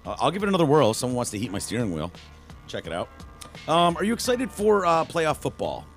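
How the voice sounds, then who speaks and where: A man's voice: a little high, huge pitch swings, fast, soft background music. Chatty man hosting a podcast. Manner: rambling, chatty, many fillers and restarts. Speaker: podcast host. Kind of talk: casual sports chat.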